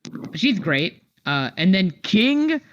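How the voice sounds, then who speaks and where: A man co-hosting a casual podcast, talking excitedly and swearing a lot as he chats about fighting games. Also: sits high, takes it slowly, muffled recording, slight background noise. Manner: excited, swears often, acts out character lines. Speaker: podcast co-host. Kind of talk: casual chat.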